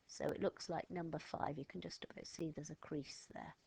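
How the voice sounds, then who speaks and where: A woman's voice: sits low, fairly even intonation, normal speed, creaky, darkish tone, husky. A woman teaching a step-by-step lesson to children, patient and encouraging as she gives instructions. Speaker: French teacher.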